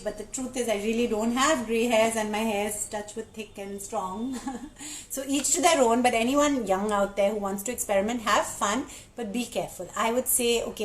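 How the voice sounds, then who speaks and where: A woman's voice: mid-range voice, slight background noise, poor audio. A woman hosting a casual live stream, chatting candidly and reading viewer comments aloud.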